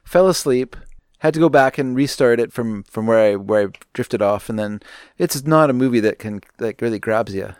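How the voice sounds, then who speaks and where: A man's voice: medium pitch, moderate pace, darkish tone, smooth, no echo. An easygoing man co-hosting a movie podcast, his voice in the middle range. He rambles through his thoughts with frequent laughs, and the sound is dry and close. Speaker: podcast co-host. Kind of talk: casual movie review chat.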